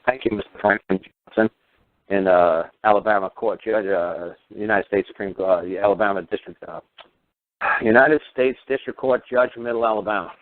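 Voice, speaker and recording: This radio host has a lowish voice with fairly even intonation and a slightly fast pace. He rants with heat, firing off sarcastic rhetorical questions with some swearing mixed in, and the sound is tinny, like radio over a phone line.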